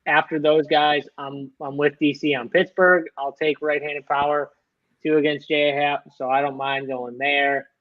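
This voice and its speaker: A man's voice: fairly high pitch, little pitch movement, moderate pace, no room sound, narrow, tinny audio. A man giving baseball stacking advice on a live show, laid-back and rambling. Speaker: sports betting analyst. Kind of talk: casual analytical chat.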